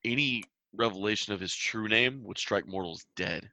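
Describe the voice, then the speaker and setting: A man's voice: fairly low pitch, moderate pace, bright, forceful tone, no echo. A man running a tabletop game as game master, explaining lore with frequent hesitations.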